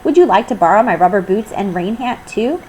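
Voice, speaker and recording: A woman's voice: mid-range voice, expressive, fairly quick, darkish tone, a little hiss or hum, natural voice, rough recording. A woman voicing a cheerful, literal-minded housekeeper in a storybook read-aloud, in a raised, eager, sing-song voice. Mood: chirpy.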